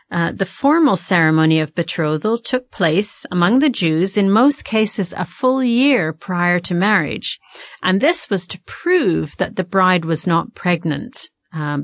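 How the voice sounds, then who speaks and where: A woman guest teaching on a Bible passage in a measured, explanatory way with frequent ums and uhs. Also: fairly low pitch, dry recording. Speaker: guest theologian.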